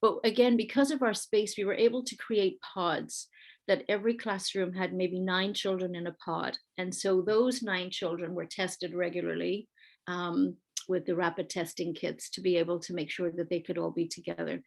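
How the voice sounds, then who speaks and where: A woman's voice: fairly low pitch, fairly even intonation, normal speed, creaky. Woman presenting on a video call. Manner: earnest, conversational, with fillers and restarts. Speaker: early-years school leader presenting. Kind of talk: online panel presentation with slides.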